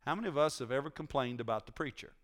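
A male preacher with a bright, forceful voice delivering a sermon in a church. He talks in a conversational way, teasing his listeners and tossing questions out to the congregation. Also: medium pitch, racing.

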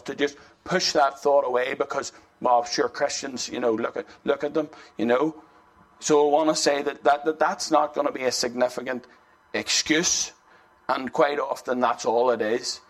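A man preaching a sermon in an earnest, conversational way, often restarting and saying "you know". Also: mid-range voice.

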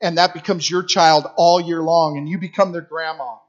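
A man's voice: fairly high pitch, fairly even intonation, normal speed, dull audio. A middle-aged man preaching a sermon in a conversational, storytelling way, repeating phrases for emphasis. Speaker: guest preacher for a youth ministry.

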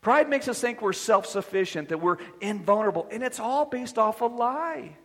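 A man with a high, husky voice preaches a sermon, dropping to quiet asides and then rising to loud declarations. His voice rings with the long reverb of a church hall. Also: expressive, moderate pace. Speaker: pastor.

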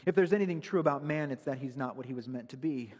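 A man's voice: medium pitch, fast talker, darkish tone, breathy edge, in a large hall. A man preaching a sermon, earnest and emphatic, citing Bible verses as he explains them. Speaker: pastor.

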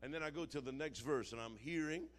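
A man preaching a sermon, moving from quiet storytelling to shouted, dramatic passages. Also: on the high side, quick pace.

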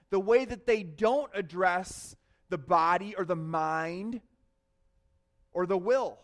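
A male pastor delivers a sermon in a fairly high voice. He tells stories with animation, rising to loud bursts and then dropping to hushed, confessional tones.

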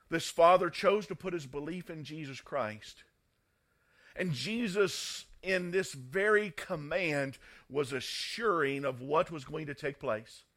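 A man preaching a sermon, emphatic and dramatic, swinging between loud bursts and hushed passages and leaning slowly on key words. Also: fairly high pitch. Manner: stressing single words slowly.

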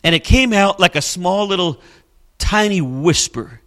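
A man's voice: high-pitched, expressive, measured pace, pushed and bright. A male pastor preaching a sermon, telling a story dramatically with emphatic, repeated refrains.

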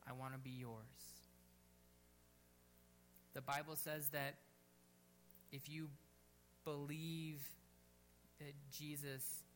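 A man preaching a sermon at a church service, fervent and urging, dropping to a quiet, gentle tone to lead prayer. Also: medium pitch. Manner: fervent, rising to near-shouts on bold exhortations, then quiet and gentle in prayer. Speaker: pastor.

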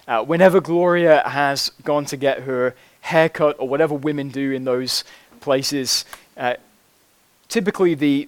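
Male pastor, sermon, slow deliberate delivery, fairly high voice, emphatic repetition. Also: no room sound. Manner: emphatic preaching with rhetorical repetition.

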